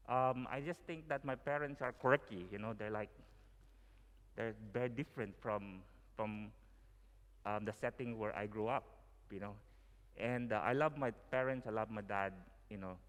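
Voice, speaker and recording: A young Filipino man with a Filipino accent, giving a chatty sermon full of fillers and "you know". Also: medium pitch. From Philippines. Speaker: guest preacher. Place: church hall. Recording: long hall reverb.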